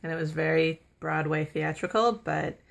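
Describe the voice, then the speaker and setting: A young woman talks casually to the camera in a somewhat low-pitched voice. She gushes with enthusiasm, laughs often and runs her thoughts together with plenty of fillers. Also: moderate pace, vocal fry. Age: young adult. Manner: chatty with many fillers and run-on sentences. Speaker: vlogger.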